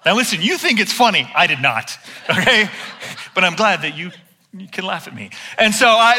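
A pastor with a very bright, tense edge to his voice tells a story on himself with plenty of humor. He is a middle-aged man, fairly high for a man, and he preaches in a lively, storytelling way. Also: moderate pace. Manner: animated storyteller, self-deprecating humor. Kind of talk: sermon with personal story.

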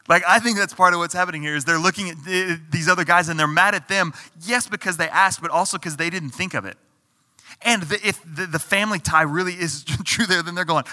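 Bright-voiced preacher in a reverberant hall. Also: male voice, a little high, fast talker. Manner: conversational preaching with repeated restarts and acted-out quotes. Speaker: pastor. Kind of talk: sermon.

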